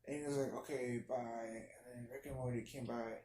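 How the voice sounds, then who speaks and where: A young man quietly telling a goofy, meandering made-up story as a vlogger, with many restarts and fillers. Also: medium pitch, steady tone, moderate pace, slight background noise. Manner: speaks quietly. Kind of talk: rambling improvised storytelling. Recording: roomy echo.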